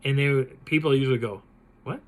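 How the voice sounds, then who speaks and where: A man recounts a personal encounter for his channel. He tells it dramatically and with animation, and his voice sits at a plain middle pitch. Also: fairly quick, rough recording. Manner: animated, dramatic retelling with laughs. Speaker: channel host. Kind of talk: telling a personal encounter story.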